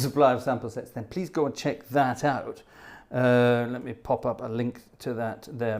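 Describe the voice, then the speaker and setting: A man's voice: mid-range voice, a little mellow. Chatty man hosting a livestream. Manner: chatty, rambling, often laughing. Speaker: livestream host. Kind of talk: casual livestream chat.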